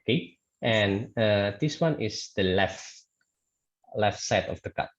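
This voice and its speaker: Male lecturer, low expressive voice, halting with fillers, dull video-call sound. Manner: hesitant, many fillers and restarts, checks with "okay". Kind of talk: online statics lecture.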